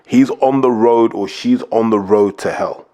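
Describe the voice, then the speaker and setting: A man hosts a podcast, talking bluntly and emphatically at an average pitch. He lays out his points one by one and hammers them home in casual, opinionated commentary. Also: measured pace, mellow. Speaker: podcast host, boxing pundit.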